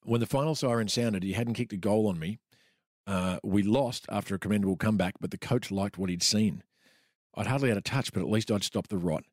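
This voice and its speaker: A man's voice: on the low side, fairly quick, no echo, studio quality. Wry Australian man reading his memoir. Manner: laughs often while reading, wry. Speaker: podcast co-host reading from his own memoir. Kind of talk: storytelling podcast chat, reading aloud.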